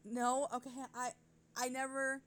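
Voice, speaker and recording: A woman hosting a chatty podcast, her voice slightly high. She rambles, giggles, and keeps interrupting herself to get back on track. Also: flat delivery, unhurried, fairly bright tone, clean tone, no echo. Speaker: podcast host. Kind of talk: casual chat.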